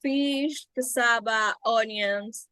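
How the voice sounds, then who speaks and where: A young Ecuadorian woman, a native Spanish speaker, answering in halting learner English with many pauses and fillers. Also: a little high, bright, forceful tone, no echo, rough recording. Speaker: student.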